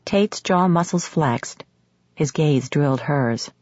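Audiobook narrator: woman, low husky voice, measured sultry romance reading, dry and slightly dull audio. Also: darkish tone, dry recording. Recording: slightly muffled studio audio.

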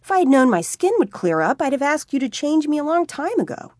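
A woman's voice: mid-range voice, moderate pace, no room sound, clean studio sound, natural voice. A woman voicing a nineteen-year-old male vampire who is anxious, whiny and easily worked up in an audiobook. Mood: fretful. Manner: excitable, complaining.

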